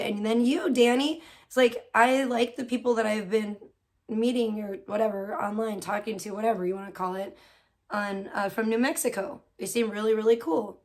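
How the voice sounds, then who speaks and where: A woman livestreams from a room in her home and chats casually with her viewers. She rambles and circles back with plenty of fillers and restarts. Her voice sits fairly high. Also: a little mellow. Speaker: livestream host. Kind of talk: casual chat.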